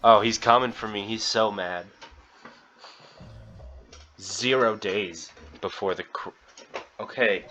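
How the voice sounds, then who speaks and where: A man's voice: on the low side, slow, pauses often, bright, forceful tone, slight background noise. A man playing through a game and reacting in loose, profane, emotional commentary. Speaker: let's-play gamer. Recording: dull lo-fi sound.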